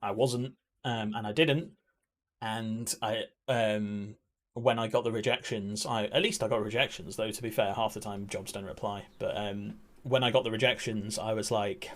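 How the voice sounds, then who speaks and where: A man talking candidly on a livestream, nervous and a little breathless, halting with restarts and frequent ums. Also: on the low side, fairly even intonation. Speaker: streamer.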